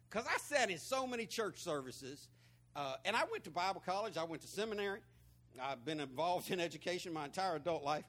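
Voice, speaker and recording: A man's voice: on the high side, fairly bright tone. A man from Florida with a Southern twang, preaching a conversational sermon in a folksy, storytelling way full of repeated words. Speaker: pastor.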